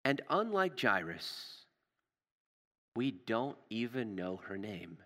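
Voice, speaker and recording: A man preaching a sermon with passion, repeating words and dropping to a hush for emphasis, recorded in a church. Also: fairly low pitch, big pitch swings, slow pace. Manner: impassioned, repeats words, drops to hushed emphasis. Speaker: pastor. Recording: long reverb of a large hall.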